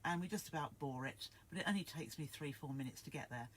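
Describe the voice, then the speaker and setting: A woman's voice: deep voice, fast talker, a little hiss or hum. A woman hosts a live sewing stream from home. She chats casually and rambles, stopping to greet viewers by name. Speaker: sewing livestream host. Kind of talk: casual livestream chat.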